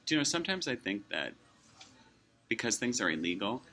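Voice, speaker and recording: Low, bright-toned man in his forties, rambling. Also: very animated, brisk. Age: 40s. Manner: rambling, chuckles often, acts out quoted exchanges. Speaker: vlogger. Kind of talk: casual musing to camera. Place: fast-food restaurant.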